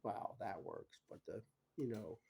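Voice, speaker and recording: A man talking in a rambling casual monologue, full of "you know" and "bro", swinging between low mutters and loud emphatic bursts. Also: a little slow, gravelly, over music. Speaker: vlogger.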